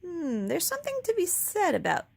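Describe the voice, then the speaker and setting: Woman playing easygoing storybook fireman, matter-of-fact, lively, gravelly tone. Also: very high voice, normal speed, voice pushed up, exaggerated voice. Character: calm adult male firefighter, laid-back.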